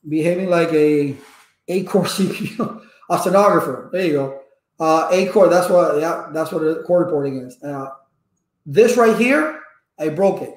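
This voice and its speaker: Guy with a pretty high voice rambling thru stories for his viewers, roomy echo on it. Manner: lively storyteller with personal anecdotes. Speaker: networking instructor. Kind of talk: casual rambling talk to viewers. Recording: echoey room.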